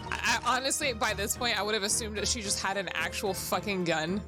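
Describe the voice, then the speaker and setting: A woman's voice: mid-range voice, fairly even intonation, brisk. A woman streaming a story game, chatting casually, swearing freely and laughing often. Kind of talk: casual gaming stream commentary. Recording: background music under the voice. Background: streamed background music.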